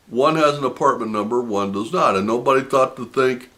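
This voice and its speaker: A man's voice: medium pitch, a little fast, hardly any pauses, bright, forceful tone. A man hosting a personal finance channel, telling a story to camera in an indignant, emphatic way and laughing in disbelief. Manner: indignant, retelling a phone argument with heavy emphasis.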